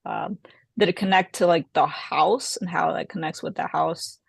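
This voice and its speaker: A person reads out scores on a practice sales call, pausing and hedging with many fillers. The voice is flat and gravelly, recorded close and dry. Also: mid-range voice, no echo. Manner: hesitant, many fillers and likes. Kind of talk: giving scored feedback.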